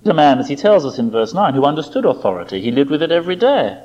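A man preaching a sermon, with expressive delivery, rhetorical tag questions and dramatic quoted voices. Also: fairly high pitch, fast talker, few pauses. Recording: dull lo-fi recording.

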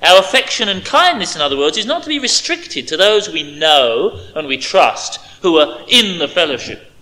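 A man preaching an expository sermon, stressing key words and dropping to quiet asides. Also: fairly high pitch, very animated, moderate pace, rough recording.

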